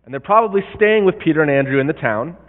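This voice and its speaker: A man's voice: a little high, expressive, fast. Male pastor, sermon delivery, explanatory tone that checks in with listeners; tinny phone-band sound, long reverb. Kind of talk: sermon teaching on a Bible passage.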